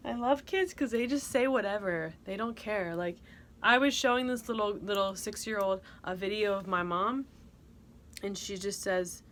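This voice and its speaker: A woman's voice: mid-range voice, measured pace, fairly bright tone. A young woman hosting a podcast in casual, rambling chat, giggling often and cooing in a baby voice now and then. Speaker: podcast host.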